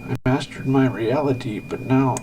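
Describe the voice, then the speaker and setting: A man's voice: medium pitch, moderate pace, background noise. A man recording himself, talking in an agitated, rambling way, swearing often and restarting his sentences. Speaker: self-recording programmer. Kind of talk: rambling self-filmed monologue.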